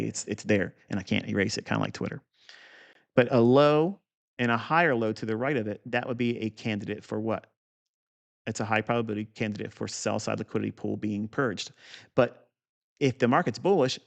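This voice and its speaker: A man's voice: medium pitch, vocal fry. A man teaching trading setups off a chart in an unscripted, blunt and profane way, with boastful asides. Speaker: trading educator.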